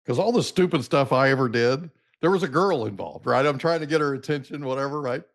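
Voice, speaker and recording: A middle-aged man hosting a podcast, telling a long story in a casual, animated way and acting out the dialogue. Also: mid-range voice, brisk, gravelly. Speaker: podcast host.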